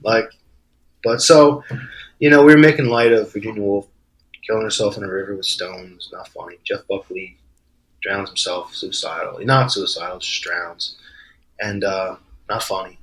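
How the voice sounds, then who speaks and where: A man's voice: lowish voice, moderate pace, low-quality recording. A man with a New Jersey accent, a guest author telling a rambling story in casual podcast chat, laughing easily.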